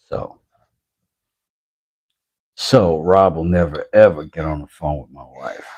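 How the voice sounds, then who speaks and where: A man's voice: a bass voice, slow, long pauses, darkish tone, husky, no room sound. A man hosting a knife-sharpening livestream, chatting casually and self-deprecatingly with viewers. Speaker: knife-sharpening channel host.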